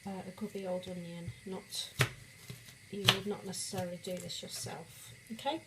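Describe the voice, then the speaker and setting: A woman's voice: on the low side, little pitch movement, normal speed, heavy background noise. A woman vlogging a casual cooking demonstration in a home kitchen, rambling and self-deprecating with many fillers and restarts, sniffing as onions make her eyes water.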